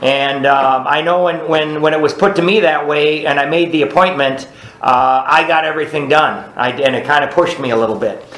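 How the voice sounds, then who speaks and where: A man's voice: on the high side, normal speed, a bit bright, echoey room. Plainspoken man leading a study group. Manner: plainspoken, conversational, frequent "right?" check-ins. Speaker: recovery group study leader. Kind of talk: teaching a group through a book.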